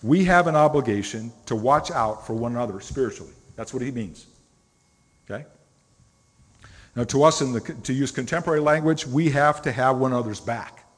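A middle-aged pastor preaches in a conversational, storytelling manner, leaning hard on single words. His voice is slightly husky, and it rings with the long reverb of a church sanctuary. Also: medium pitch, a little fast. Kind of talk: sermon.

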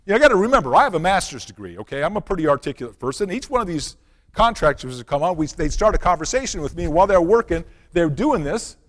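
A male pastor preaching a sermon built around a personal story, swinging from loud, animated passages to hushed, quiet ones. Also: on the high side, fast talker. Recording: long reverb of a large hall.

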